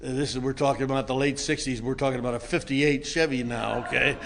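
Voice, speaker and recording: An older man telling a self-mocking story to a meeting audience in a wry, comic way that builds into shouting. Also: medium pitch, fairly even intonation, quick pace, gravelly, a little hiss or hum. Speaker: recovery meeting speaker.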